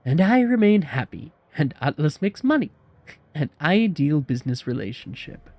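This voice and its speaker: Huge jovial merchant, booming and teasing, raised loud voice, as a man puts him on. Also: big pitch swings, moderate pace, dry recording. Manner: hearty, teasing, grandly polite. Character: enormous jolly male merchant, booming and mirthful.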